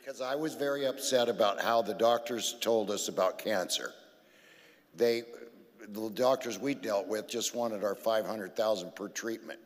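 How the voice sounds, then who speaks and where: A man's voice: lowish voice, moderate pace. Blunt joking man in a reverberant hall. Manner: blunt, joking, interjects into her story. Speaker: guest speaker telling his story. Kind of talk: personal testimony on a church stage.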